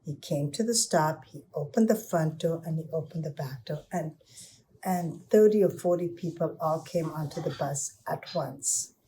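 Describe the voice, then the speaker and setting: A woman telling stories to children in an informal way, with pauses and restarts. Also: deep voice, warm tone, slight background noise. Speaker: storyteller.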